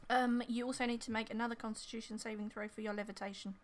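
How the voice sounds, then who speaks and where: A woman's voice: on the high side, flat delivery, fast talker. A woman running a tabletop game as game master, narrating with many fillers and hesitations.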